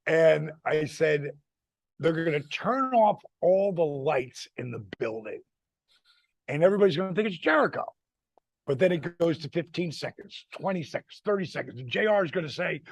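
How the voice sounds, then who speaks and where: A man's voice: fairly high pitch, lively intonation, moderate pace, vocal fry, husky, no room sound. A man in his sixties telling a wrestling-road story in a casual chat, acting out the people he quotes and swearing freely. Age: 60s. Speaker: retired wrestler telling stories.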